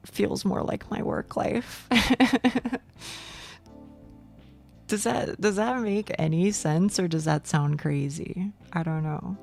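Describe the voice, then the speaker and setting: A woman's voice: lowish voice, vocal fry, a little mellow. A young woman streaming, chatting casually with viewers, rambling and swearing with frequent laughs.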